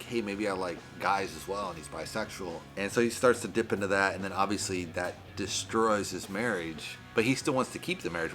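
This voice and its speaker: A man's voice: fairly low pitch, bright, forceful tone. A man giving a casual, rambling movie review on his vlog, often saying "you know" and "right".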